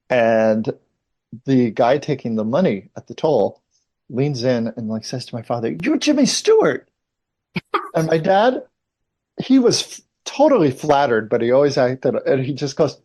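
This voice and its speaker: A man's voice: mid-range voice, gravelly, a little mellow. A man in his fifties, an actor being interviewed, telling long anecdotes in a casual, chatty way full of asides. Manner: rambling anecdotal storyteller, many asides.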